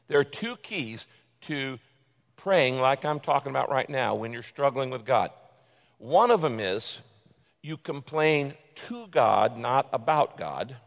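A man preaching a sermon, reading scripture aloud and moving from loud pleading passages to quiet, intimate asides. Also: mid-range voice, gravelly. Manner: dramatic, swings from loud pleading to hushed intimacy. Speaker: pastor. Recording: long hall reverb.

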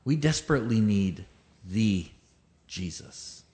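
Male pastor preaching, emphatic, lots of repeated lines and questions, average pitch. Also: normal speed, darkish tone. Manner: emphatic, builds with repeated phrases and rhetorical questions; tells a joke as a story. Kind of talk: sermon.

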